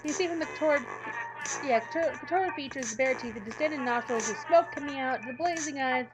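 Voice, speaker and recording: A woman plays through a game on stream, chatting and reading the story text aloud. Her voice sits a little high, and she trips over words and corrects herself as she goes. Game music plays clearly behind her. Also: a little fast, low-quality recording. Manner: talkative, reads game text aloud with stumbles and self-corrections. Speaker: let's play streamer.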